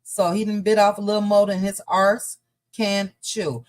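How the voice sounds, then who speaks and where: A woman's voice: medium pitch, flat delivery, moderate pace, a little mellow. A woman hosting a casual gossip livestream from home, chatting and reading viewer comments aloud. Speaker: gossip show host.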